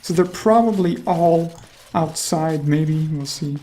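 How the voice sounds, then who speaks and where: A woman's voice: low voice, takes it slowly, mellow. A woman giving casual, chatty gameplay commentary, thinking aloud and laughing often. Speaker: let's play host.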